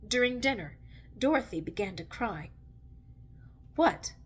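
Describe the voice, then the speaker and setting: A woman reading a novel aloud in a measured, expressive way. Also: a little high. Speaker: reader.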